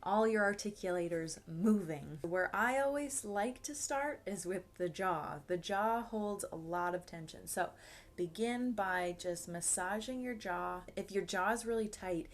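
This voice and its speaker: Encouraging woman leading a vocal warm-up. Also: fairly low pitch, measured pace. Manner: relaxed and encouraging, with light laughs and audible sighs. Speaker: acting coach.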